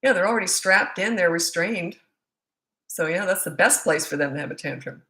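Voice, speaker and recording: A woman's voice: on the low side, animated, brisk, pushed and bright. Blunt joking woman in an echoey room. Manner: blunt, joking, rambling with asides. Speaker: parenting coach. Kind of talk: casual Q&A monologue. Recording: roomy echo.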